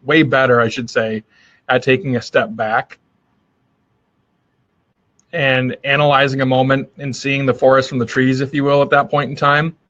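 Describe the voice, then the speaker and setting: Male host, mid-pitched voice, casual motivational chat, lots of fillers, somewhat muffled webcam audio. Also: little pitch movement, moderate pace, pauses often, fairly bright tone. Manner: friendly, rambling, with many fillers and restarts. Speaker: host of a daily live video. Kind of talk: casual motivational live stream.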